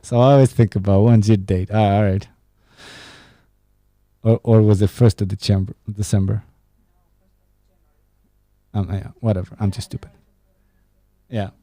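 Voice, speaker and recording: A young man from Romania hosts a casual solo podcast, talking loosely and profanely and laughing at his own jokes. His voice sits low and dark. It is recorded close and dry, with no room around it. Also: steady tone, a little slow, long pauses, no room sound. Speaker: podcast host. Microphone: studio podcast mic.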